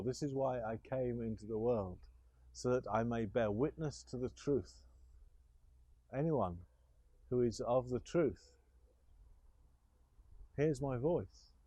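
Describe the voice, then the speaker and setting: A man reading a calm, grave prisoner. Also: medium pitch, takes it slowly, pauses often, dry recording. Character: calm, grave male prisoner speaking of his kingdom.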